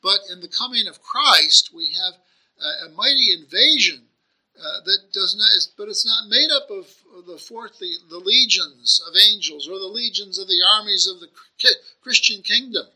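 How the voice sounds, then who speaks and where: A man's voice: high-pitched, animated, normal speed, pushed and bright, poor audio. A man preaching a sermon, earnest and searching, asking rhetorical questions and often restarting his phrases.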